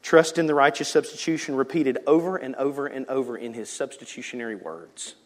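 A man's voice: medium pitch, fairly quick. Man preaching in an echoey church. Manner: dynamic preaching, swings from shouts to whispers. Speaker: pastor. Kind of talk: sermon. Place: church sanctuary. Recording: church hall reverb.

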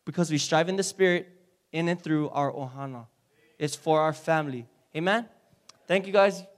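A man delivers a sermon in church. His voice sits high, and he preaches with energy, turning often to the congregation for a response. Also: moderate pace. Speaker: speaker at a church service.

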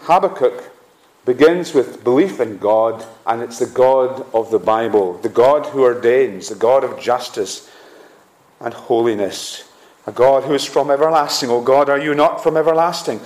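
A man's voice: mid-range voice, a little slow, darkish tone, roomy sound. A man preaching a sermon with earnest emphasis, often restarting with "uh". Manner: earnest, rising emphasis on key phrases, frequent "uh" restarts.

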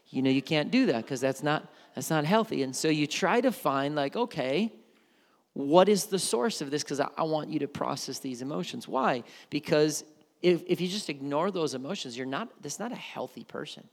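A man in a pastor's role gives a conversational sermon, his voice a little high and rough with fry. He restarts phrases and repeats words as he works through his point. The sound carries a long echo from a large church sanctuary. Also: normal speed. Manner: conversational preaching with many restarts.

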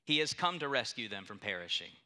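Bright-voiced man preaching a sermon. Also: on the low side, sing-song, fairly quick. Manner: storytelling, emphatic with rising intensity. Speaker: pastor.

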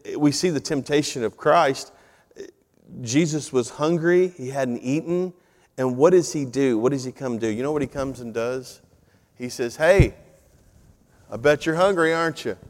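A middle-aged man, preaching a sermon in a conversational, animated storytelling way. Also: medium pitch. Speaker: pastor. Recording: long reverb of a large hall.

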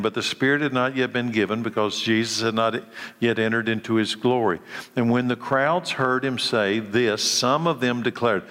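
Man, Bible teacher, emphatic sermon, asks listeners questions, mid pitch, long hall reverb. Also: fairly bright tone.

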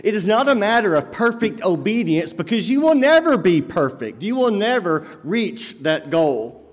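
A man's voice: high-pitched, big pitch swings, moderate pace. A man preaching a sermon as pastor, in a conversational way full of everyday examples. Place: church sanctuary. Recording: long reverb of a church hall.

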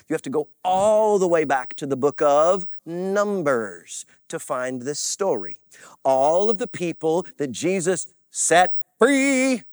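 A man's voice: a little high, very animated, takes it slowly, no room sound, clean studio sound. A man preaching a sermon to a church congregation, with call-and-response and joking asides. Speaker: pastor.

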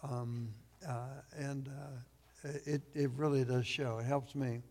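A man from Texas preaching a sermon as a guest pastor, losing his voice, clearing his throat and pausing on fillers. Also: medium pitch, steady tone, a little mellow, big-room sound.

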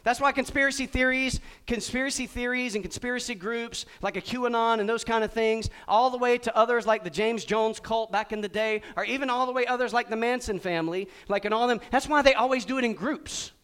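A middle-aged man preaching a sermon, quizzing his congregation and acting out little scenes with big swings in pitch and volume. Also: a little fast, few pauses, clear, resonant tone. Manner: animated, asks the congregation questions. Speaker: pastor.

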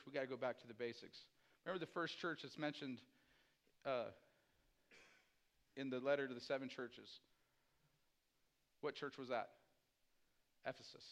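A man preaching a sermon as pastor, swinging from hushed, low asides to loud, climbing emphasis.

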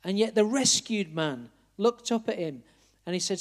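An earnest male preacher delivers an evangelistic sermon. His voice sits high for a man, and he keeps turning to speak directly to each listener. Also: lively intonation, moderate pace.

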